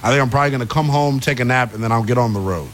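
A man co-hosting a casual podcast, teasing his friends in an animated way. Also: medium pitch, racing, slight background noise. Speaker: podcast co-host. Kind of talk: casual chat.

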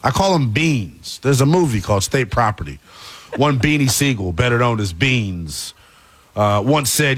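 A man giving animated sports analysis on a talk show, playful and emphatic. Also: normal speed. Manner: emphatic, playful, lively swings in pitch.

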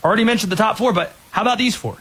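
Male sports talk host, high husky voice, animated, opinionated rundowns. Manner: energetic, opinionated, quick rundowns.

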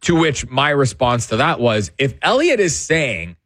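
A chatty man hosting a sports talk show, laughing as he talks. His voice is mid-pitched. It is recorded dry and close. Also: big pitch swings, unhurried, a bit bright, dry recording. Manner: chatty, laughs while telling. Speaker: sports radio host.

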